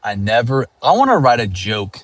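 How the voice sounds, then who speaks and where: A man's voice: mid-range voice, very animated, moderate pace, fairly bright tone, dry recording. A sleep-deprived comedian chatting casually as he drives, rambling with lots of fillers and restarts. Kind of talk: casual chat while driving. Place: in a car.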